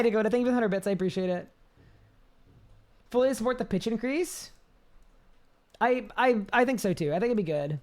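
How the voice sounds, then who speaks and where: A high-pitched man chats casually on a live game stream, reading chat aloud and rambling with restarts.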